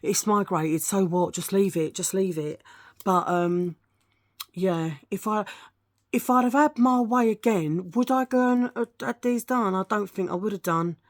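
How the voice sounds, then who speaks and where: A middle-aged woman talks her way through a beauty product review in a loose, rambling vlog chat. She is frank and chatty and often wanders off her point. Her voice sits at an average pitch for a woman. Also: a little slow. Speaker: beauty vlogger.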